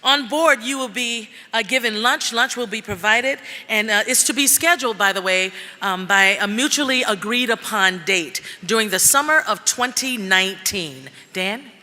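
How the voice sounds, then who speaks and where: Woman emcee reading auction lots, very bright tone, echo of a big hall. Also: a little high, normal speed, hardly any pauses. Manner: chatty, joking asides. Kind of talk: reading item descriptions with asides. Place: gala event hall. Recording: long reverb of a big hall.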